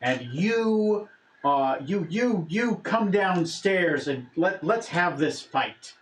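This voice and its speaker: A man's voice: sits high, animated, slow, distant mic. A man doing a furious scorned wife. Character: furious woman confronting her supposed husband. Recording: echoey room with noise.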